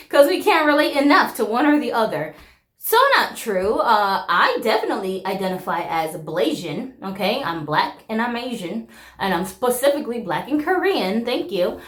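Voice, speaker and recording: Animated, frank woman vlogger swearing freely. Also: on the high side, normal speed, echoey room. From America. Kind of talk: casual talk to camera.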